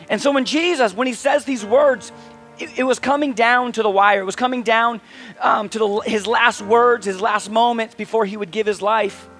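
A man's voice: high-pitched, a bit bright. A male pastor preaching a sermon in a conversational, emphatic way, asking his listeners questions.

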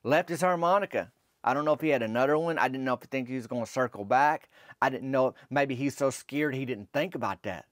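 A middle-aged man with a rural Southern drawl tells a long, meandering story in an unhurried, deadpan way. His voice sits in an ordinary middle register. The recording is dry and close, with no room sound. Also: medium pitch, no echo. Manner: slow, rambling and drawling, with rural dialect. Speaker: podcast host.

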